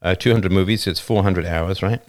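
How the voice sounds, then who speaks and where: Deep-voiced man hosting a livestream. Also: brisk. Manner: emphatic, keeps asking "right?". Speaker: livestream host. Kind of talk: casual livestream monologue. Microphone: new studio microphone.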